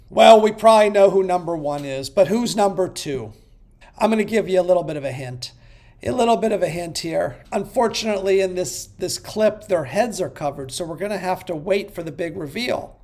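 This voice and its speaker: A man hosting a podcast, counting down rankings, swinging between hyped shouting and muttered asides. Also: high-pitched, animated, fairly quick. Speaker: podcast host.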